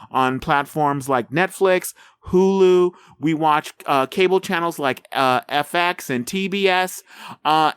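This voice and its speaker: A man's voice: a little high, a bit bright, clean tone, no room sound. A man co-hosting a podcast, chatting casually about a movie trailer and rambling with many fillers and restarts. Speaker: podcast co-host. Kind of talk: casual chat reviewing a trailer.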